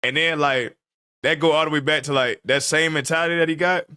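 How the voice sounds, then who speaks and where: A man in his twenties, a podcast co-host telling a story in casual chat, animated and laughing often as he acts out what people said. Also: on the high side, fairly quick, clear, resonant tone, no room sound, studio quality.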